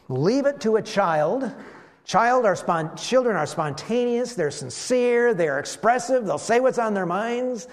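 Lively, animated male preacher. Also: sits high. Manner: animated storytelling, acts out voices of biblical figures. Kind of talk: sermon.

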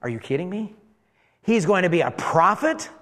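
A preacher telling a dramatic first-person sermon as an elderly priest who talks with exclamations and wry asides about himself. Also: male voice, high-pitched, normal speed, long reverb tail, full character voice. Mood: amazed. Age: older. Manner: animated, exclaiming, self-deprecating asides. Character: elderly male priest, amazed and rueful.

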